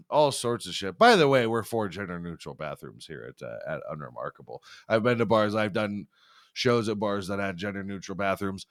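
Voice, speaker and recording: A man's voice: lowish voice, fairly bright tone. Young dude ranting crude jokes on his podcast, swearing a ton, voice bouncing up and down. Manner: profane, rambling, laughs at his own jokes. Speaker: podcast host. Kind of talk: crude comedic monologue.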